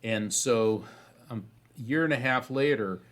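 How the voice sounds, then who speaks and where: A man being interviewed as a psychic medium, telling a story in an animated way and often restarting phrases. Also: mid-range voice, a little slow.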